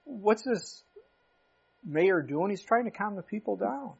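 A man's voice: sits high, expressive, a little slow, gravelly, breathy edge, lo-fi sound. A man preaching an expository sermon in a conversational, emphatic way, often asking rhetorical questions. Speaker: pastor.

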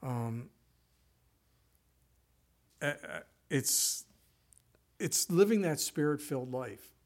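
A man preaches a sermon in an animated, storytelling way. His voice is mid-pitched. He moves from loud, rising stretches into hushed, quiet ones. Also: drawn-out words. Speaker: pastor.

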